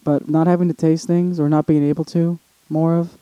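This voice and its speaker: A man's voice: on the high side, level tone, brisk, dark tone, no room sound, highs cut off. A young man co-hosting a podcast in casual chat, rambling and restarting often, swearing casually. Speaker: podcast co-host.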